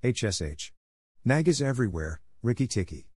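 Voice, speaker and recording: A man's voice: mid-range voice, big pitch swings, moderate pace, darkish tone, breathy edge, no room sound, studio quality. A man reading a storybook aloud, voicing a timid, weepy little male muskrat who pleads and whimpers. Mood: fearful, tearful.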